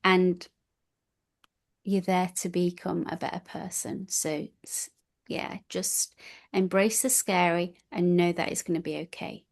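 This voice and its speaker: Slow gushing woman guest, keeps restarting her sentences, heartfelt. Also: on the low side, steady tone. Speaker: retreat attendee guest. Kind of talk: reflective interview answers.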